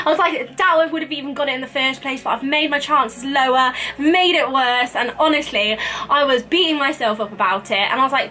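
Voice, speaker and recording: A woman in her twenties vlogging, telling a story in casual chat, animated and giggly, acting out quoted lines in a higher voice. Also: a little fast. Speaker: beauty vlogger.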